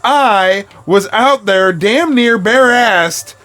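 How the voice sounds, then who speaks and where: A young man telling a story in casual chat, animated and acting out other people's voices in quotes. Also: sits high, very slow. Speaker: podcast co-host. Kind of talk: casual storytelling while gaming.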